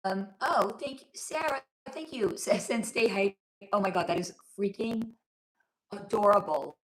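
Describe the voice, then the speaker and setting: A spiritual reader living in Los Angeles hosts a relaxed livestream from her home room, chatty and affectionate, reading comments aloud as she loses her voice to a sore throat. Her mid-range delivery is unhurried, with a roomy, roughly recorded sound.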